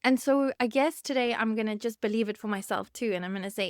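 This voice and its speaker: She talks fast, with hardly any pauses, in a smooth mid-range voice recorded dry in a clean studio. A South African therapist in her thirties hosting her own podcast, she shares a candid, emotional personal monologue, laughing softly while choked up and on the verge of tears.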